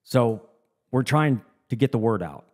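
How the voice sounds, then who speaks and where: A man's voice: mid-range voice, expressive, unhurried, a little mellow. A man co-hosting a podcast, talking in an earnest, reflective, motivational way in casual chat. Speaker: podcast co-host.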